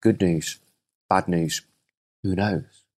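A man voicing a calm, unbothered old farmer, speaking low, quiet and measured. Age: older.

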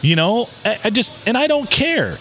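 A man co-hosting a podcast in casual, profane banter while fighting a cold, swinging between excited outbursts and low mutters. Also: moderate pace, faint music behind. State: has a cold. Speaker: podcast co-host. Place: bar.

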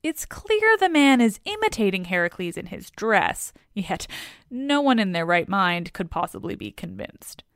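A woman's voice: medium pitch, big pitch swings, measured pace, gravelly, a bit bright, no room sound, clean studio sound. A woman retelling a story in a chatty, casual way with wry asides.

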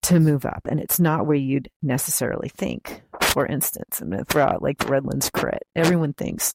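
Gravelly low-voiced woman leaving a message. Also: moderate pace, few pauses, background noise. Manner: lively, emphatic, chatty. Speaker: caller leaving a recorded message. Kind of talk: casual advice.

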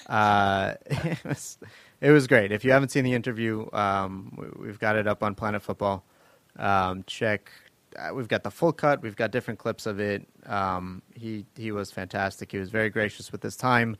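A podcast host with a fairly low voice leads a relaxed panel chat, telling stories loosely with fillers and laughter at a moderate pace. The sound is dry, close to the mic, with no room sound.

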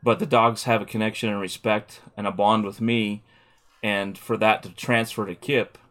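A man who works as a dog trainer, chatting casually as an animated storyteller who acts out quotes. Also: on the low side, normal speed. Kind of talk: casual chat.

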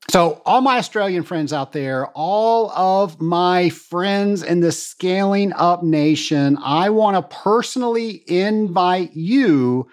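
A man hosting his own podcast, talking enthusiastically and gratefully to his listeners in a solo monologue. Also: a little high. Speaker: podcast host.

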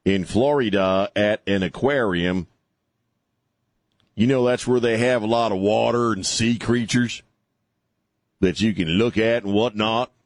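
Speaking at a measured pace with long pauses, this fairly low-voiced man hosts a radio talk show from a studio. He rambles sarcastically and chuckles while riffing in casual banter, recorded on a studio microphone with no echo.

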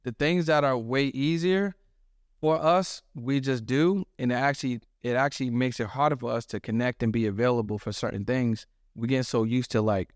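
Smooth-voiced man talking casual and slangy. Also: mid-range voice, moderate pace, dry recording, clean studio sound. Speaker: podcast guest. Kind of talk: casual conversational interview.

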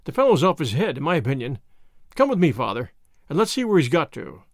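A man's voice: on the high side, wildly swooping pitch, fast, no echo, studio quality. Brief: hot-headed young squire's son, brash and dismissive, a man doing him.

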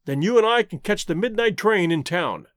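A man doing a domineering suitor in an old adventure tale, rough and curt, pushing his words out with force. The voice sits high with lively swings. The sound is dry and close. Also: moderate pace, dry recording. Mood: insistent.

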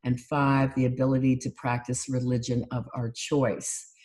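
A woman life coach giving a calm, instructive talk on gratitude and mindfulness, listing things one by one. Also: extremely low pitch, normal speed. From United States.

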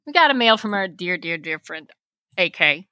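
Bright-voiced woman reading listener mail. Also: on the low side, lively intonation, normal speed, dry recording. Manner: playful, reads letters aloud with asides. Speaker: podcast co-host.

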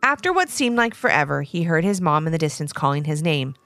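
A woman host narrating a children's story in an expressive, animated way. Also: low-pitched, fairly quick, dry recording, soft background music.

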